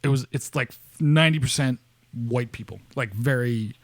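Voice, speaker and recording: A man's voice: mid-range voice, normal speed, dry recording. Give me a rambling, profane podcast host, a man. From upstate New York. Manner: rambling, profane, laughs often. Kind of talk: casual chat.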